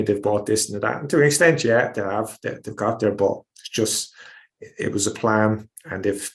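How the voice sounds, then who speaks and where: An Irish man and former footballer giving animated, repetitive football analysis on a podcast, acting out quotes as he goes. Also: on the low side. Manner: animated, repeats himself, acts out quotes. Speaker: former player, pundit.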